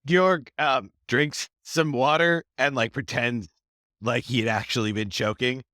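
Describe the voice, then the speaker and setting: A man's voice: mid-range voice, steady tone, unhurried, bright, forceful tone, no echo, studio quality. A man playing a tabletop game, talking in a hesitant, rambling way. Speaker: player. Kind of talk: tabletop role-play chat.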